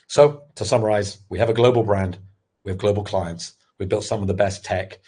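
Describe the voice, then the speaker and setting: A middle-aged man giving a candid, animated webinar talk on pitching, full of restarts as he tells his story. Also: a little fast, breathy edge. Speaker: sales expert and former startup founder.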